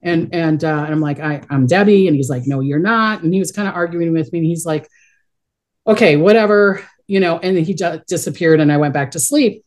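A woman's voice: on the low side, a little fast, darkish tone. A middle-aged woman telling stories in a casual interview, rambling and chatty, often restarting her sentences. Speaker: guest, psychic medium.

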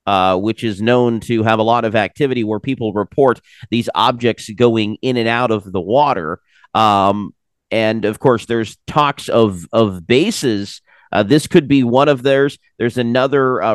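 A man being interviewed, explaining at length in a measured way with frequent filler pauses and a dry sense of humor. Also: mid-range voice, clear, resonant tone, no room sound. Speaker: interview guest, researcher of unexplained phenomena. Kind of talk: casual interview chat.

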